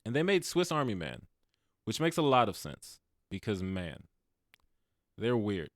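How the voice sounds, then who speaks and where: A man's voice: on the low side, big pitch swings, measured pace, no room sound, studio quality. A man in his late twenties co-hosting a movie review podcast, chatting casually and animatedly, laughing often and acting out quotes. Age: late 20s. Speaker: podcast co-host. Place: podcast studio.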